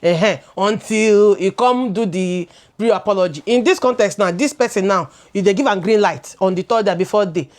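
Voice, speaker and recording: A woman's voice: medium pitch, moderate pace, a little mellow. A woman in her thirties with a Nigerian accent, co-hosting a casual chat and sharing her views animatedly, slipping into Pidgin and repeating words as she goes. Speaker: co-host.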